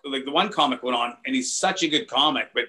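A man with a bright, forward voice tells stories in a casual chat. He rambles loosely, swears freely and laughs as he goes. His pitch stays in a middle range. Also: fast. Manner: loose, profane anecdotal storytelling with laughs. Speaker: comedian guest.

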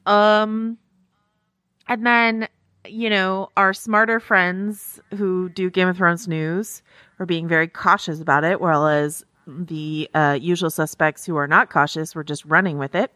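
A woman co-hosting a podcast in casual chat, animated and chatty, laughing often as she reads listener reviews. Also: on the low side, unhurried, no echo, studio quality. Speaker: podcast co-host.

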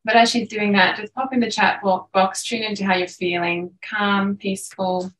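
Woman hosting a live online workshop, all soft and gushy, kinda far from the mic in an echoey room. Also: mid-range voice, steady tone, a little fast. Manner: gushing, soft and encouraging. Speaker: host.

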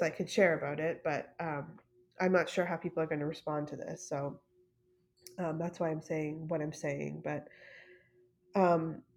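A woman with a low, fairly monotone voice tells a personal story on her podcast. She speaks softly and hesitantly, pausing on fillers and restarting her sentences. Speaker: podcast host.

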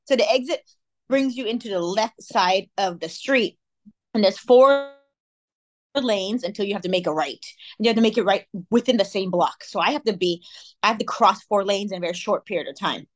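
A woman's voice: medium pitch, a little fast. A young adult woman co-hosting a podcast, telling stories in casual chat, acting out quotes and laughing often. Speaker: podcast co-host.

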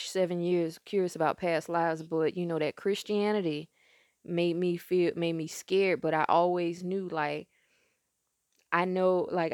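Congested woman, low, casual rambling. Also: vocal fry, a little mellow, no room sound, studio quality. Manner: loose, rambling and conversational. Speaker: podcast host. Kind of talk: casual spiritual storytelling.

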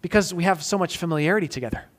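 A man, likely in his thirties, preaching a sermon as pastor, moving between emphatic loud peaks and soft, intimate questions. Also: sits high, very fast.

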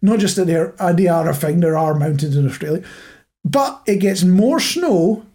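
A man's voice: high voice, lively intonation, normal speed, dark tone. A man co-hosting a podcast in casual chat, rambling and self-mocking as he tells stories. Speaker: podcast co-host.

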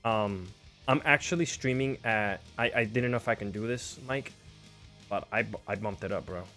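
A man's voice: lowish voice, normal speed, bright, forceful tone, faint music behind. A young man hosting a casual livestream, chatty and self-deprecating, with lots of fillers. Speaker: livestream host.

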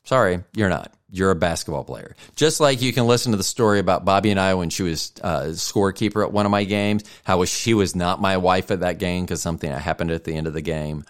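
A man's voice: low-pitched, brisk, hardly any pauses, clear, resonant tone. A middle-aged man hosting a podcast, telling a rambling, profane story in a heated, casual way. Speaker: podcast host.

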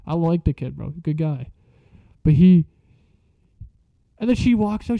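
Young guy rambling a story, swears nonstop, slightly high voice, dry muffled mic. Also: animated, normal speed, long pauses, dry recording. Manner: slangy, swears constantly, rambling. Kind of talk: casual storytelling.

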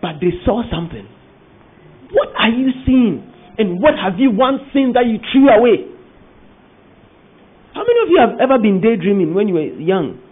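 High-voiced preacher, tinny sound. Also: male voice, big pitch swings, moderate pace, pauses often, breathy edge. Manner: emphatic preaching with repeated questions to the congregation. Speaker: pastor. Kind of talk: sermon. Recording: tinny phone-like audio.

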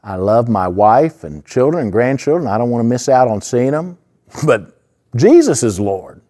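A pastor voicing a steadfast early Christian. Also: male voice, mid-range voice, sing-song, moderate pace, mellow, lightly acted. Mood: resolute. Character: steadfast early Christian man facing death.

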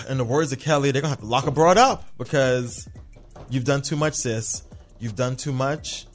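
A man's voice: mid-range voice, moderate pace, soft background music. A man hosting a podcast, recapping a TV episode in a casual, sassy monologue, often slipping into mocking voices. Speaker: podcast host.

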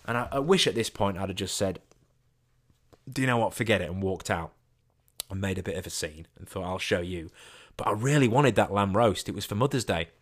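Man, lowish voice, comic storytelling, self-mocking, animated. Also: fast talker. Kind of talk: comic anecdote, casual storytelling.

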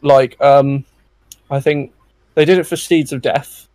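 A man co-hosting a casual podcast chat, quick to agree and enthusiastic. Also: mid-range voice, fairly even intonation, a little mellow, no room sound. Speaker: podcast co-host.

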